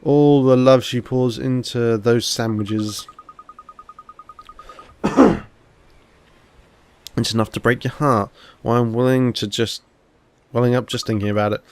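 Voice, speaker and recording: A man's voice: mid-range voice, steady tone, takes it slowly, long pauses, clean tone. A man doing a gossipy old neighbor woman. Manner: gossiping, fussing. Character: gossipy older female neighbor.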